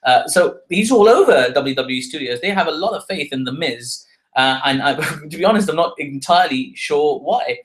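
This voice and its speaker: A man's voice: fairly high pitch, expressive, normal speed, low-quality recording. Chatty man hosting a podcast. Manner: chatty, wry asides, self-correcting. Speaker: podcast host. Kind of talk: solo podcast commentary.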